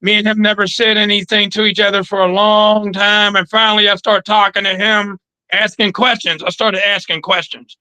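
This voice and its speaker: A man in a casual interview, telling stories in an animated, slangy way from his trophy room. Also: high-pitched, moderate pace, dry recording, rough recording. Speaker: guest.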